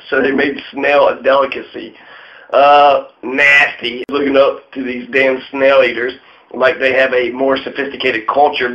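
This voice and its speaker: A man giving a profane, irreverent casual history monologue, full of mocking asides. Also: medium pitch. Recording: dull lo-fi sound.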